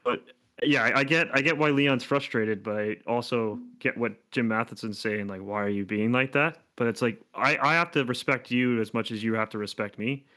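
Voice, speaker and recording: A man's voice: medium pitch, moderate pace, bright, forceful tone. A man co-hosting a casual sports podcast, laughing often and acting out quotes as he talks. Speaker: podcast co-host. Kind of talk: casual hockey chat.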